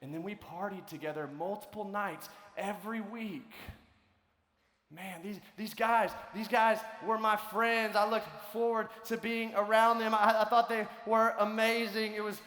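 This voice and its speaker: A high-voiced man preaching to a crowd of students through stories. His delivery swings between loud, animated stretches and quiet, hushed ones. The voice echoes through a large hall with a long reverb. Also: a little slow. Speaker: conference speaker. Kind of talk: storytelling sermon to students.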